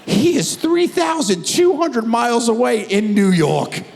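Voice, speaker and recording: A middle-aged man performing a stand-up comedy routine, telling a story with animated delivery and acted-out voices. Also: very high-pitched, unhurried, creaky, long reverb tail.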